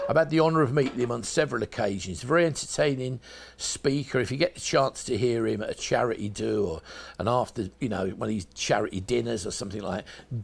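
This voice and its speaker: A man's voice: mid-range voice, vocal fry, slightly rough. Chatty South London shopping-channel man. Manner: chatty, salesy, addresses viewers directly. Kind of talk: home shopping sales pitch.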